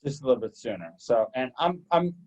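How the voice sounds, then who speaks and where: A man's voice: medium pitch, sing-song, brisk. A man co-hosting a casual chat, telling a long story in a rambling, candid, self-deprecating way. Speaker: co-host. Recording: dull lo-fi audio.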